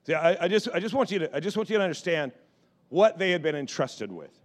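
Animated high-voiced male pastor. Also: fast. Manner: animated, repeats words and restarts often. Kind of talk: storytelling sermon.

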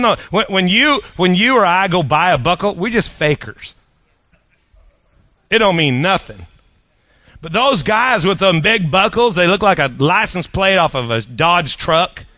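A man's voice: on the high side, bright, forceful tone, no echo. A man preaching a sermon, telling stories in a folksy, conversational way and asking the audience questions. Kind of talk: sermon storytelling.

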